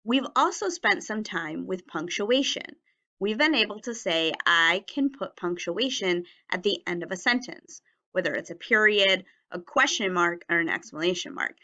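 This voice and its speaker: A woman teacher leading a children's writing lesson on video, speaking slowly and enunciating words carefully so young learners can follow. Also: medium pitch, animated, sharp tone, lo-fi sound. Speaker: elementary teacher.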